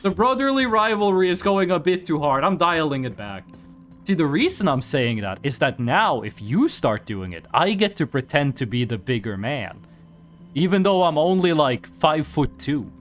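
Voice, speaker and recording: A young man from Scandinavia streaming a game, joking and teasing his chat in casual banter. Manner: animated, quick swings in pitch.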